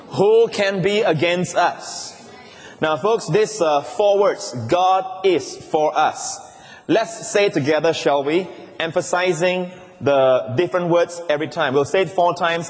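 A male pastor preaching a sermon, leading his congregation in call-and-response and stressing words with emphasis. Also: on the high side. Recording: long reverb of a large hall.

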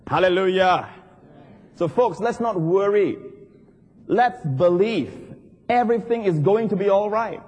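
Male pastor, fairly high voice, husky edge, lively sermon delivery, long hall reverb. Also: unhurried, muffled recording. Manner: animated preaching, rising to emphatic highs.

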